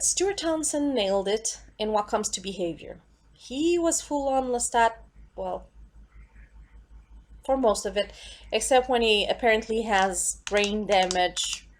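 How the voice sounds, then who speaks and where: A woman vlogger at home, ranting in an exasperated, emphatic way and swearing freely. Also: medium pitch.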